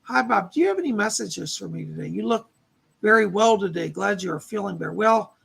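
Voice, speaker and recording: A male psychic medium on a live stream, hoarse from losing his voice, relaying spirit messages and thanking donors by name. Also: high-pitched, expressive, fairly quick, a bit bright. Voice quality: gravelly, husky voice. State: losing his voice, clearing his throat.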